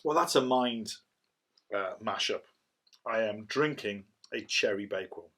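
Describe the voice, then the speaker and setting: A man's voice: lowish voice, unhurried, sharp tone. A middle-aged man, chatting casually through a cider review and rambling as he goes. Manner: rambling, chatty, self-described waffler.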